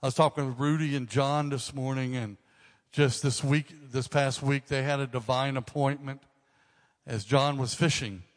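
Joking older pastor in a church hall. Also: male voice, mid-range voice, steady tone, normal speed. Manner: casual, joking asides. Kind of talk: sermon talk to a congregation.

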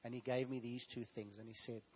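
A man preaching a sermon, sick with a fever and sore throat, swinging between hushed asides and loud emphatic exclamations. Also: medium pitch, level tone, brisk, slightly rough. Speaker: pastor. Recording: echoey hall, dull lo-fi sound.

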